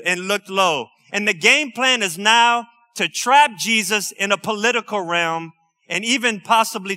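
A man preaching at a midweek service. His voice sits high and sounds bright and forceful. He talks loosely and conversationally, slipping in asides and quick laughs between scripture readings. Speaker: pastor. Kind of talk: sermon.

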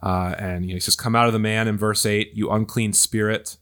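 Low-voiced pastor leading a Bible chat. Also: male voice, steady tone, brisk, a bit bright. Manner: thoughtful, hesitant, many fillers and restarts. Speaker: pastor hosting a Bible study podcast. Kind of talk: casual discussion.

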